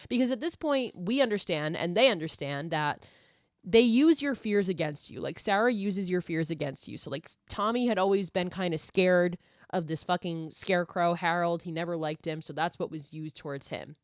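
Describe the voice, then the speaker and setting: A woman's voice: fairly low pitch, expressive, moderate pace, no echo, studio quality. Chatty, swearing woman recapping a film. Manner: chatty, swears freely, heavy use of "like". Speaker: podcast host.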